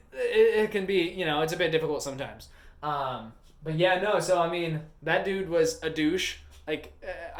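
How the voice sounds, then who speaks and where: Rambling gas station guy with echo. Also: fairly high pitch. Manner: rambling, frequent "like", swears freely. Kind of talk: casual vlog rant.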